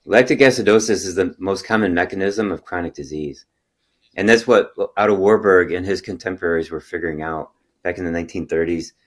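A middle-aged man with a low, deep voice holds forth in an interview. He explains at length and slips into animated stories that lift with excitement, then drops to quiet asides. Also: a little fast. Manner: animated storyteller, lively when excited, trailing off into quiet asides. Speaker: chiropractor and health podcast host.

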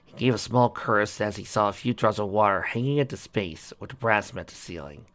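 A man's voice: lowish voice, fairly quick, a bit bright. A man reading a story aloud in a plain, slightly uneven way. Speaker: reader.

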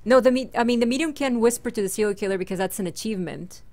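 A woman's voice: a little high, very fast. Giggly woman chatting over a game. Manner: chatty, giggly, thinking out loud. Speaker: gaming channel host. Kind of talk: casual let's-play chat.

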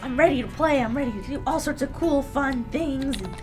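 A woman's voice: high-pitched, a little fast, music in the background. A woman hosting a kids' game let's-play in a bubbly, exaggerated, sing-song way. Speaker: kids' show host.

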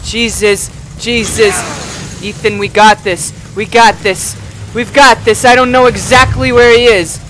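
A man doing loud, excitable let's play commentary, swearing and yelling at the game. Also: high-pitched, unhurried, slight background noise. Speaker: gamer. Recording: music playing underneath.

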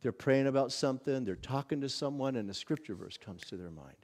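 A visiting pastor teaching a church workshop in a casual, conversational way, often acting out little exclamations of wonder. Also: male voice, mid-range voice, animated, a little fast, a little mellow. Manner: conversational, many restarts and acted-out inner exclamations.

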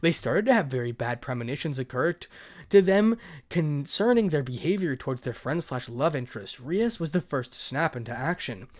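A man narrates a story aloud in a dramatic reading, now and then stumbling over a word. His pitch swings widely and sits a little high for a man. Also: lively intonation, normal speed.

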